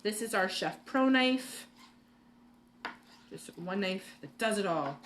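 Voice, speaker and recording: A woman's voice: medium pitch, animated, slow, a bit bright, slight background noise. A woman hosting a live cooking class from her home kitchen, chatting and rambling with lots of fillers and laughs. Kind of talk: live cooking demo chat.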